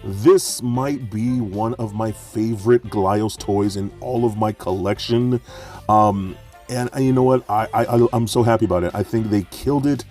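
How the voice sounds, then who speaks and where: A man reviewing action figures with excited, gushing enthusiasm, stumbling over fillers and restarts. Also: fairly low pitch, moderate pace, soft background music. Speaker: toy reviewer.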